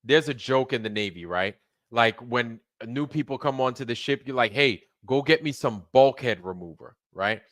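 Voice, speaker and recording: An American man talks loosely on his own livestream, going back over his words and cursing often. His voice is bright and forceful. The sound is dry and close, with little room echo. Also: medium pitch, animated, moderate pace. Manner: loose, rambling, swears freely, repeats phrases. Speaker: livestream host. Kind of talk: casual livestream rant.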